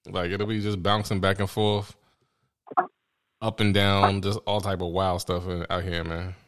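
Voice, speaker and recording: Brief: deep-voiced New host, relaxed slangy banter, easy laughter. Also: male voice, a little slow, clean tone. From New York. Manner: laid-back, slangy, laughs easily. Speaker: podcast host. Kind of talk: casual chat.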